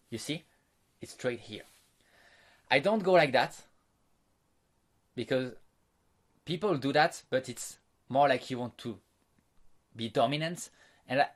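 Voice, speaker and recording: Speaking to camera with a fairly bright, mid-range voice, a man walks through social skills one step at a time. He repeats points plainly, demonstrates example lines as quotes, and his wording has a slightly non-native feel.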